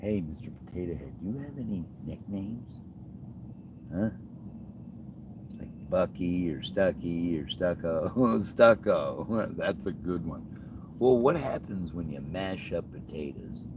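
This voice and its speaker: A man's voice: low voice, expressive, unhurried, background noise. A man hosting a livestream in rambling casual chat, joking and teasing with frequent laughter. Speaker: livestream host.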